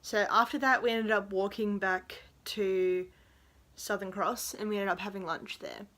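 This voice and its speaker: A woman's voice: medium pitch, fairly even intonation, measured pace, fairly bright tone. A young woman telling a rambling, giggly storytime in a vlog, with lots of fillers. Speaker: vlogger.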